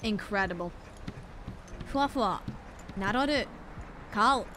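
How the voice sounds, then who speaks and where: A woman's voice: medium pitch, expressive, slow, background noise. A woman streaming a game, chatting playfully, joking at herself and laughing often. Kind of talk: casual game-stream commentary.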